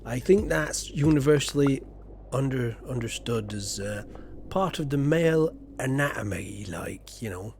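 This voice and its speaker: A man's voice: medium pitch, lively intonation, measured pace, gravelly. English guy streaming a farm game, rambly and self-deprecating, lots of ums, bit of faint noise behind. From Yorkshire, England. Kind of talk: casual chat while playing a game.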